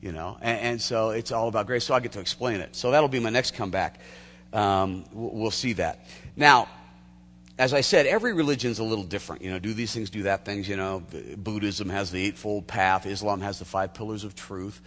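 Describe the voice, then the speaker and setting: A man preaching a sermon as a pastor, telling stories in an animated way with restarts and laughter. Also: lowish voice, a little fast, big-room sound.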